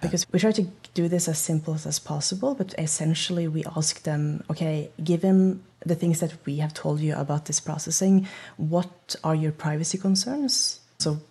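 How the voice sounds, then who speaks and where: Norwegian woman, low gravelly voice, explains things slowly with lots of restarts, video call. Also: warm tone. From Norway. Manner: thoughtful, hesitant restarts, explanatory. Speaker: privacy project lead, guest. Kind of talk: interview over call.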